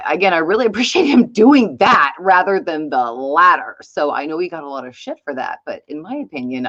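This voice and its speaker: A middle-aged woman, telling a story in a casual vlog and swearing freely. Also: low-pitched. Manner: chatty, swears freely, animated retelling. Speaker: YouTube host. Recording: slightly dull lo-fi sound.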